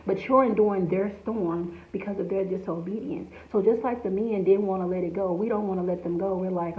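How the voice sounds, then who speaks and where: A woman's voice: medium pitch, fairly even intonation, fairly quick, hardly any pauses. Woman preaching over a tinny echoey line. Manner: conversational, with frequent asides. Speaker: devotional speaker. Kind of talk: informal devotional message. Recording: echoey, tinny phone-like sound.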